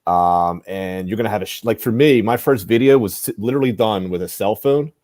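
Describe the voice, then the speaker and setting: A man from the United States hosting a live online show, chatting in a relaxed way and reading comments from the live chat. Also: fairly low pitch, brisk. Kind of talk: casual interview chat.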